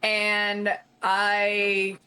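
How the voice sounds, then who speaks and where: A woman's voice: medium pitch, monotone, extremely slow, pushed and bright. A woman from Canada, a tabletop game player, joking in casual chat and laughing often.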